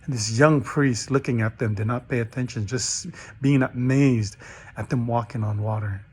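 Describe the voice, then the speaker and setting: A middle-aged man with a husky, medium-pitched voice records a graduation message at home at normal speed. Speaking as a graduation speaker, he tells a parable casually, performing the characters' quoted lines in animated voices, and often restarts with fillers and repeated words.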